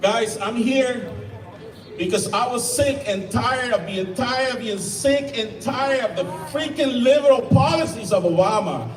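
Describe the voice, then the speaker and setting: A man's voice: very high voice, a little slow. A man from Mexico with a Mexican Spanish accent gives an impassioned outdoor rally speech, often stumbling and restarting. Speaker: rally speaker. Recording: echoey, from far off, crowd behind.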